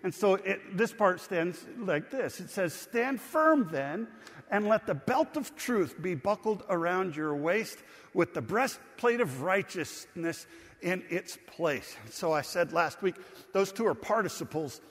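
A man preaching a sermon as pastor, conversational and earnest, slowing down to stress scripture. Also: high-pitched, expressive, big-room sound. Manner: earnest, conversational preaching with slow emphatic quotes.

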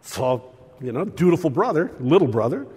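An older man preaching a sermon, telling stories with lively swings between loud and hushed delivery. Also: fairly high pitch, normal speed, husky, big-room sound.

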